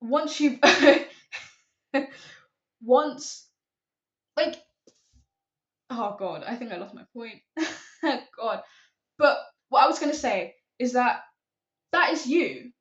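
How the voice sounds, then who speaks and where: A young woman chats to her camera, giving advice in a loose, rambling way and poking fun at herself. Her voice sits a little high. The sound is dull and lo-fi, with a roomy echo. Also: animated, slow, long pauses, a bit bright. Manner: chatty, rambling, self-deprecating. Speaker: vlogger. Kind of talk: casual talking-to-camera advice.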